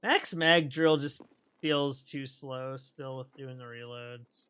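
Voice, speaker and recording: Slow, bright-voiced man streaming a game. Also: medium pitch, steady tone. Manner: rambling, thinking aloud, frequent throat clearing. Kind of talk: casual gameplay commentary.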